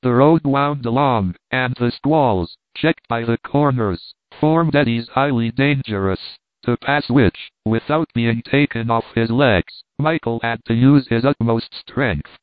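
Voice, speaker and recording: Brief: male audiobook reader, measured narration; dry, lo-fi phone-band sound. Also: medium pitch, no room sound. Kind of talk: scripted narration.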